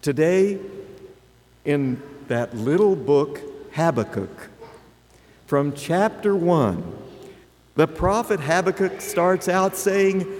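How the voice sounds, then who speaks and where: A man in his seventies preaches a sermon in a slightly high voice, taking his time and asking rhetorical questions. His words carry the long reverb of a church, and faint noise hums beneath them. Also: a little mellow. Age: 70s. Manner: slow, deliberate, with rhetorical questions.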